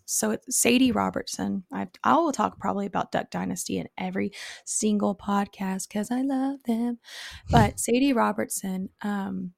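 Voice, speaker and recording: A woman's voice: medium pitch, creaky, no echo, clean studio sound. A woman co-hosting a casual faith podcast, telling stories in a candid, rambling way. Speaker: podcast co-host.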